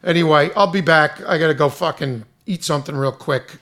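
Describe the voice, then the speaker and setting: A man who runs a restaurant, angrily venting in a loud, profane, exasperated rant. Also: fairly high pitch, fairly quick.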